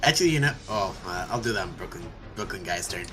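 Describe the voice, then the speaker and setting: A young man running a tabletop game as game master, talking haltingly with many fillers and counting moves aloud. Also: sits low, expressive, fairly bright tone, soft background music.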